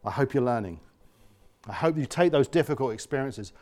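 This male pastor preaches an earnest sermon briskly and animatedly in a mid-range voice. He moves from quiet passages to loud ones and often voices the people he quotes.

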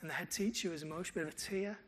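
High-voiced male pastor preaching. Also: rapid-fire. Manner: animated storytelling with quoted dialogue. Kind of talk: sermon.

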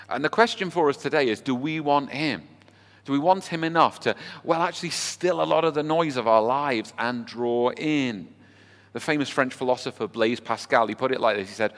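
A man's voice: mid-range voice, moderate pace. A man preaching a sermon, talking in a conversational way and asking the congregation rhetorical questions. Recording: long hall reverb with faint music.

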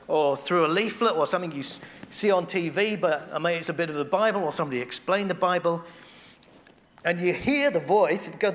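A man with a somewhat raised pitch delivers a sermon in an easy, conversational way. He thinks aloud, doubles back on phrases, and sinks into a hushed, intimate tone when a point turns personal. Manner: conversational, thinking aloud with restarts and soft asides; drops to a quiet, intimate tone on devotional points. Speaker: preacher.

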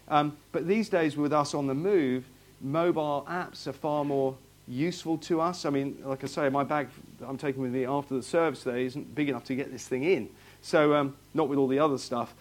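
A man preaches to his congregation in a loose, conversational way. He asks the room question after question and restarts his phrases as he goes. His voice sits a little on the high side. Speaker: pastor. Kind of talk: sermon. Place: church hall, in front of a congregation.

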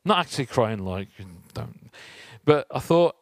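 A man's voice: mid-range voice, very animated, unhurried, no room sound. Man preaching in a chatty tone. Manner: chatty, asks the audience rhetorical questions. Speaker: church speaker. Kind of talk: conversational sermon with personal story.

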